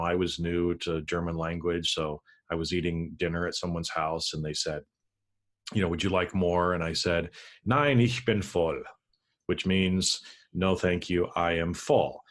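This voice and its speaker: A man's voice: sits low, level tone, moderate pace. A man co-hosting a podcast, telling an easygoing story in casual chat with many restarts. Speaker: podcast co-host.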